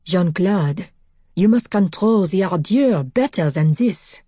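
A man's voice: high-pitched, animated, takes it slowly, mellow, slightly rough, no room sound, clean studio sound, heavily acted. A woman voicing an elegant, composed male vampire in a storybook reading, with formal, old-fashioned phrasing. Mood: urgent warning.

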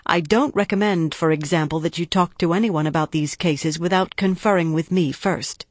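A woman reading a measured, guarded female prosecutor. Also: fairly low pitch, dry recording, close to an everyday voice. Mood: cautioning. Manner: deliberate, cautioning, precise. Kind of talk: audiobook dialogue reading.

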